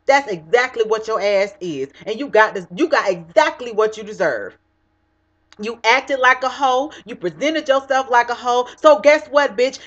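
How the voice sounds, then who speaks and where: A young woman delivering a heated, profane vlog rant straight to the camera, blunt and cutting. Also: on the high side. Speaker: vlogger. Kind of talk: ranting vlog monologue. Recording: dull lo-fi webcam audio.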